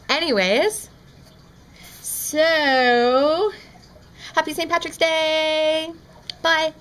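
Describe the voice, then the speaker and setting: A young woman with a high voice talks to her camera at home in a slow, playful vlog. She is goofy and often breaks into sing-song. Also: a bit bright, poor audio. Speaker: vlogger. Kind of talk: casual vlog with silly made-up songs. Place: indoors at a window at home. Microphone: camera mic.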